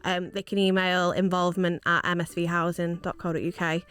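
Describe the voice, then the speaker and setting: A woman's voice: fairly low pitch, flat delivery, a little fast, a bit bright. A woman guest from a housing association giving earnest, encouraging advice in a radio interview. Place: radio studio.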